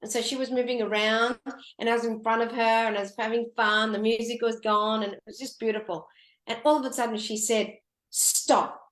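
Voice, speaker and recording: A woman guest on a radio talk show telling an emotional personal story, often halting and restarting. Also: a little high, flat delivery, fairly bright tone, echoey room. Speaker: guest, photographer.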